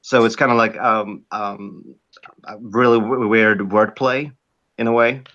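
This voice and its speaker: A man's voice: on the low side, steady tone, measured pace, fairly bright tone, muffled recording. A Swedish man speaking English with a Swedish accent, chatting casually on a podcast with many fillers and restarts. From Sweden. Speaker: guest.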